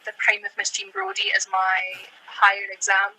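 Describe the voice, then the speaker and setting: A young Scottish actress chatting casually as an interview guest, full of "like" and "um". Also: female voice, mid-range voice, completely flat delivery, normal speed, pushed and bright, rough recording. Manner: chatty, fills with "like" and "um".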